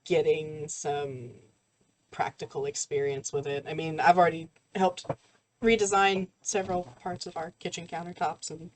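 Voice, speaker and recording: A woman's voice: low voice, level tone, a little hiss or hum. A young adult woman, co-hosting a podcast in casual chat, nervous and full of ums. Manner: nervous, talks fast, lots of ums. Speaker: podcast co-host.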